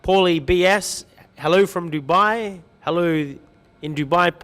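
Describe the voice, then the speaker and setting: A man's voice: sits high, unhurried, fairly bright tone, in a large hall. A man hosting a livestream, greeting viewers by name with light jokes in an upbeat chatty way. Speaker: livestream host reading viewer comments. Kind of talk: upbeat live-stream chat.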